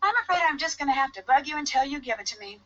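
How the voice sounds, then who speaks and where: Nancy Drew, eager and high. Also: female voice, animated, racing, a bit bright. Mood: determined. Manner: eager and insistent. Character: persistent young female detective. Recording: dull lo-fi game audio.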